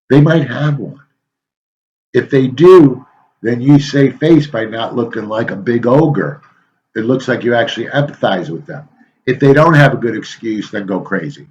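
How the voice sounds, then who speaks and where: A man's voice: mid-range voice, normal speed, low-quality recording. Folksy man giving a rambling lecture. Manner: rambling, folksy, frequent ums. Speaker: teacher. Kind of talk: casual lecture.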